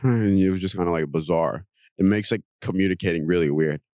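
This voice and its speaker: A man's voice: a little fast, a little mellow, no room sound. Young male podcast co-host, loose rambling banter, dry room sound. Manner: rambling, laughing, slangy, breaks into mocking high voices.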